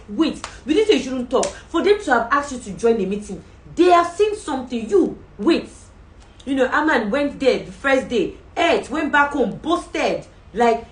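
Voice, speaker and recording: Lively woman giving a faith talk. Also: high-pitched, slight background noise. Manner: animated storytelling with acted voices and asides. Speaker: podcast host. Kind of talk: faith-based motivational talk. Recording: roomy sound from a distant mic.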